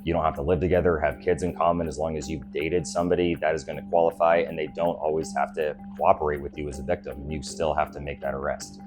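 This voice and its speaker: A man with a very low, deep voice delivers measured, explanatory commentary on police footage. He speaks as a former deputy sheriff in a scripted voice-over. Clear music plays under him. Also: little pitch movement.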